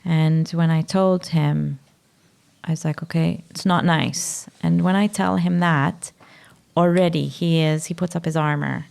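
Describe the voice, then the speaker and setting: A young woman with a Maltese accent, a podcast guest speaking haltingly, searching for words and sometimes dropping to a whisper. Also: low-pitched, steady tone, creaky, a little mellow, clean tone. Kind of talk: emotional personal conversation.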